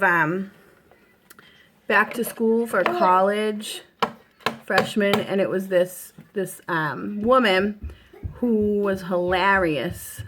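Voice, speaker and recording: A woman's voice: medium pitch, fairly bright tone. A woman in her thirties with a Boston accent, hosting a casual makeup tutorial at home and talking the viewer through it with reassurance and plenty of fillers. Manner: chatty, reassuring, lots of fillers.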